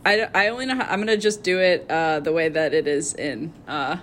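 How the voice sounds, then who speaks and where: A woman's voice: deep voice, brisk, slight background noise. A woman co-hosting a casual podcast, playful and giggly, teasing her friends. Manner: giggly, playful, self-mocking. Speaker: podcast co-host. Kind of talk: casual chat.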